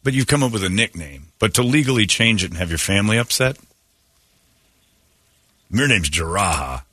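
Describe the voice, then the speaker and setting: A man's voice: fairly low pitch, animated, fast, bright, forceful tone, no echo. A man hosting morning radio, joking animatedly and mimicking callers in put-on voices. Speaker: radio show host.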